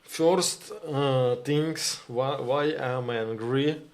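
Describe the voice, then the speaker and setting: A man with a Ukrainian accent hosts a live stream, working slowly through his English and pausing often to find the next word. He speaks to his viewers directly, reads their comments aloud, and gets heated over the news. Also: medium pitch. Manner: halting, searching for words, addresses viewers as "my dears".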